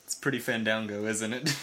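A man co-hosting a casual podcast chat, playful and quick to laugh with jokey asides. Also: fairly low pitch, pushed and bright. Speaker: podcast co-host. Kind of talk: casual chat about wrestling.

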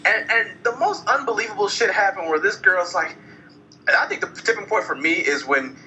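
A movie reviewer with a high voice rants casually about a film at normal speed, animated and swearing a lot as he acts out lines from it. The recording is rough, with a little hiss or hum.

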